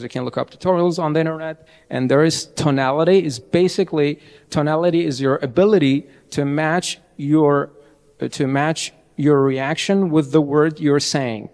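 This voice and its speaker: A young man runs an upbeat training session in a large event hall, his slightly high, gravelly voice trailing a long reverb. He talks in a chatty way and often restarts mid-sentence. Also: a little mellow. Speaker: IELTS trainer. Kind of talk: live training talk.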